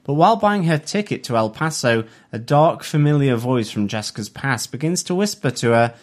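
Male podcast host, mid-pitched, steady synopsis read. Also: normal speed, hardly any pauses. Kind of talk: casual review chat and read synopsis.

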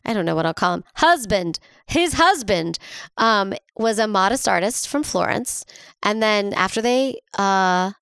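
A woman's voice: medium pitch, lively intonation, a little slow, vocal fry, fairly bright tone, clean tone, no echo, clean studio sound. A woman co-hosting a podcast, casually retelling a history story with sarcastic asides. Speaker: podcast co-host.

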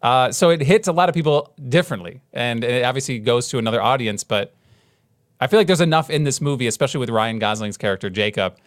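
A man's voice: medium pitch, quick pace, no room sound. Rambling man on a dry podcast mic. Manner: rambling, restarts often, animated retellings. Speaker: podcast co-host. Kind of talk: casual chat.

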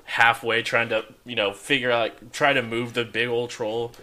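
A man narrating as the game master of a tabletop game, talking in an animated way with many fillers. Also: mid-range voice, normal speed.

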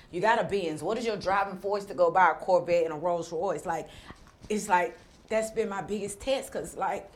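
Woman interview guest, low-pitched, candid and rambling. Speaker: entrepreneur guest.

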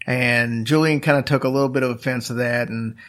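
A man's voice: mid-range voice, steady tone, brisk, fairly bright tone. A man casually telling a long story as a podcast host, rambling with fillers and restarts.

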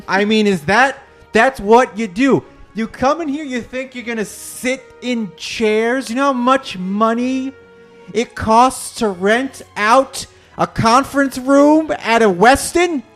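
Slow, crude ranting man. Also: sits high. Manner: crude, aggressive mock rant. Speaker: podcast guest. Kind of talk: improv comedy.

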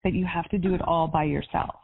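A woman's voice: on the low side, steady tone, quick pace, vocal fry, slightly rough. A woman life coach on a coaching call, chatty and upbeat, with lots of casual fillers. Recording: tinny phone line.

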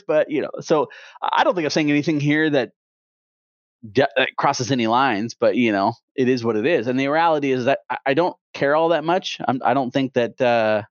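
A man's voice: medium pitch, no room sound. A man in his thirties co-hosting a podcast, talking casually with a rambling, opinionated manner and many restarts. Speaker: podcast co-host. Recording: dull, dry podcast audio.

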